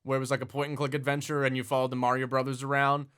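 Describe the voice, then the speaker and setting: Young man, bright tone, casual rambling chat, swears a lot. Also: mid-range voice, little pitch movement, rapid-fire, clean tone. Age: young adult. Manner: rambling, swears, acts out quotes in silly voices. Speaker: podcast host.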